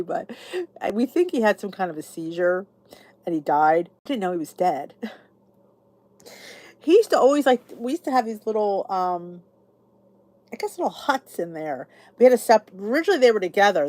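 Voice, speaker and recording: A chatty woman, the channel's host, talks casually to her viewers at a middle pitch. She rambles warmly through stories and reads out comments by name as she goes. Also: no room sound. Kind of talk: casual live chat with viewers.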